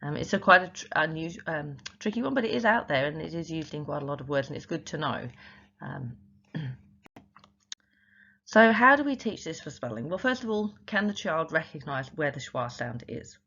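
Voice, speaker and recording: Low-voiced woman explaining spelling. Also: animated, normal speed, a bit bright, lo-fi sound. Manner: patient, explains step by step with many examples; frequent "um" fillers. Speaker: literacy teacher trainer. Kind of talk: instructional explainer video.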